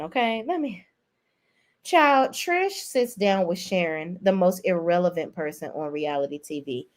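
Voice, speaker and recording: A young adult woman giving a blunt, profane, animated rant as host of a reality TV recap. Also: medium pitch. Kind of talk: casual ranting commentary.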